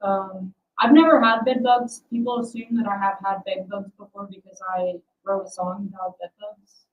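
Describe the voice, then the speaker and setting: A woman's voice: mid-range voice, fairly even intonation, moderate pace, narrow, tinny audio. A young adult woman hosting a casual livestream, rambling and self-deprecating as she chats with her viewers. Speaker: livestream host.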